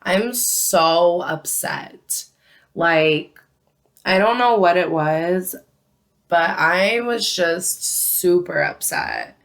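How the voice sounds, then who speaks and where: In this storytime vlog, a young woman recounts something from work in a lowish, sing-song voice. Her delivery is relaxed and talkative, sprinkled with frequent "like" fillers.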